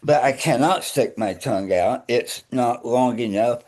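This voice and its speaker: A man's voice: medium pitch, unhurried. Older man with a slight speech impediment. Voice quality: slight speech impediment after tongue surgery. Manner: wry storyteller, deadpan humor. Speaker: minister and guest.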